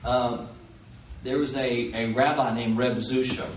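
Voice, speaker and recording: Guy teaching a seminar live, animated, mic kinda far off in an echoey hall. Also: mid-range voice, measured pace, a little hiss or hum. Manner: animated, acts out quoted voices. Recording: roomy live recording from far off.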